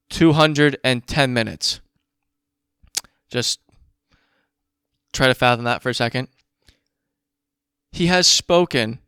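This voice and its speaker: A man hosting a podcast, ranting in a casual, profane and worked-up way while doing math out loud. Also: fairly high pitch, smooth, dry recording, studio quality. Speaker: podcast host.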